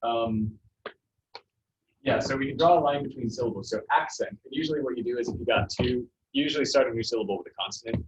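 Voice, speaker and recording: A man's voice: medium pitch, quick pace. A man teaching a Spanish class, explaining patiently with many fillers and restarts. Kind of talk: classroom lesson. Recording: dull lo-fi classroom recording with faint noise.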